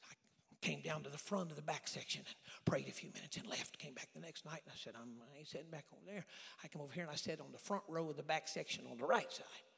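A middle-aged evangelist telling a personal testimony in a sermon, dropping to near-whispers and then building to shouting. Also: male voice, fairly high pitch, fast talker, vocal fry. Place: large church sanctuary. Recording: long hall reverb.

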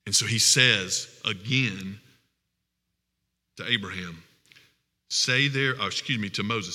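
A man preaching a sermon as pastor, with earnest, emphatic, drawn-out phrasing. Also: lowish voice, sharp tone, in a large hall.

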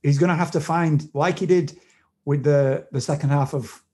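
Mellow-voiced man analysing over a video call. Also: fairly high pitch, fairly even intonation. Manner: knowledgeable, measured, with frequent restarts. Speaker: podcast co-host and football analyst. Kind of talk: casual chat, detailed analysis.

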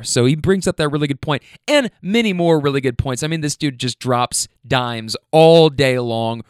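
A man's voice: a little high, clean tone, no echo, clean studio sound. Enthusiastic slangy male podcast host. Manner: enthusiastic, slangy, rambling with restarts. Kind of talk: casual podcast intro monologue.

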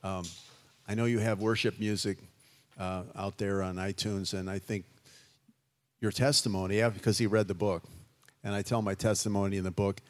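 A man's voice: fairly low pitch, flat delivery, moderate pace. A man in his sixties from Chicago, telling his life story as a guest in a casual interview, in a reflective, rambling way. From Chicago, USA. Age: 60s. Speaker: guest musician.

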